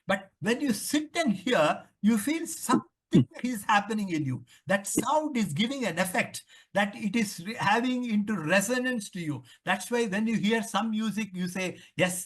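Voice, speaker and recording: A man's voice: sits high, fairly bright tone. An older man with an Indian English accent, explaining ideas at length in an interview, often repeating himself and asking himself questions. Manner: repetitive, lecturing, asks himself questions. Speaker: author interviewed on the Vedas.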